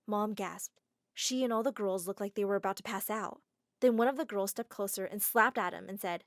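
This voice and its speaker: Expressive woman narrating an animated drama. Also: medium pitch, a little fast, dry recording, studio quality. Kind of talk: first-person animated story narration.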